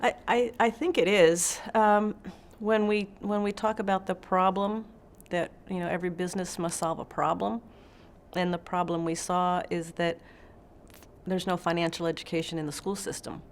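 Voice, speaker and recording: A woman's voice: on the low side, normal speed. A middle-aged woman telling stories as an interview guest, acting out the quotes with energy. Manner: animated anecdote-telling, acts out quotes. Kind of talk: interview storytelling.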